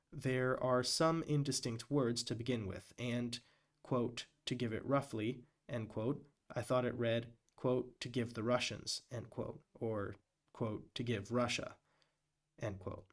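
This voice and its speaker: A man live-streaming as he reads a hearing transcript aloud, deliberately voicing every quote and end quote marker. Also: medium pitch. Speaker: live-stream reader and commentator.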